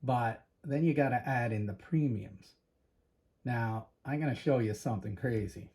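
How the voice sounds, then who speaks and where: A man's voice: medium pitch, moderate pace. A man from Canada hosting a casual vlog, talking chattily to viewers and a bit out of breath. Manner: chatty, animated storytelling. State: slightly out of breath. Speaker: precious metals channel host.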